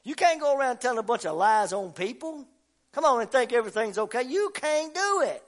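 A man preaching a fervent sermon, swinging between quiet talk and shouting. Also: extremely high pitch, lively intonation, quick pace. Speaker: pastor.

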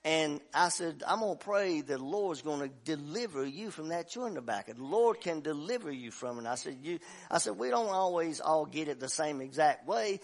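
Man, pastor type, folksy storyteller who builds to shouting, slightly higher pitch. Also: animated, normal speed, few pauses. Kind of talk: sermon. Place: church sanctuary.

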